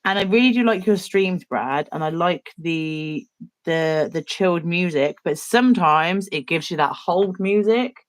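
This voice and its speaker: A woman's voice: lowish voice, unhurried. Hesitant British woman chatting while painting. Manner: rambling, hesitant, many fillers. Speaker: co-host. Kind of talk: casual chat while painting.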